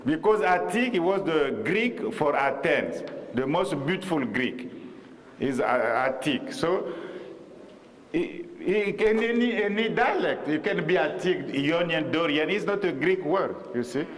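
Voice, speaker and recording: Slow, halting man lecturing in a hall. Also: a little high, lively intonation. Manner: halting, repetitive, with many pauses and rhetorical questions. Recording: reverberant hall, faint noise.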